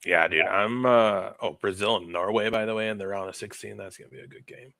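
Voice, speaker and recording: Low, bright-toned blunt man. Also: a little fast, vocal fry, dry recording. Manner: profane, blunt, says dude a lot. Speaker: podcast co-host. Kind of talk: casual sports chat.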